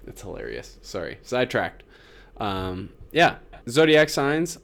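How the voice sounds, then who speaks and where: A man's voice: medium pitch, very animated, measured pace, gravelly, a bit bright. A man co-hosting a podcast in casual, rambling chat, laughing often. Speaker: podcast co-host.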